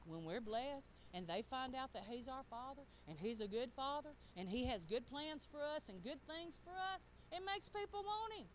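A woman's voice: high-pitched, expressive, moderate pace, hardly any pauses, slight background noise, low-quality recording. A middle-aged woman preaching a sermon, talking straight to the congregation in a folksy way.

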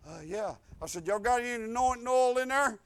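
A man preaching as a pastor, telling a personal testimony, animated, with loud emphatic lines and low quiet stretches, informal speech and restarts. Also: fairly quick, clear, resonant tone.

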